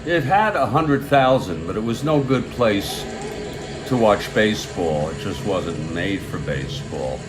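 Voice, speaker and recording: A man hosting a tabletop baseball replay, giving casual play-by-play with rambling chatty asides and bursts of excitement on big plays. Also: lowish voice, unhurried, music in the background.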